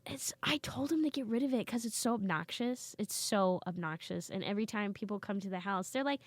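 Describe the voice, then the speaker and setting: Woman, comedian, casual storytelling, animated quoting, dry close sound. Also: mid-range voice, brisk, no room sound. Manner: animated, acts out family members' lines. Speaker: comedian guest. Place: basement studio.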